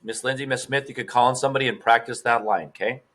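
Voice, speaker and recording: A man's voice: medium pitch, steady tone, fast, fairly bright tone. A male teacher giving a recorded math lesson, casual and upbeat, talking straight to his students.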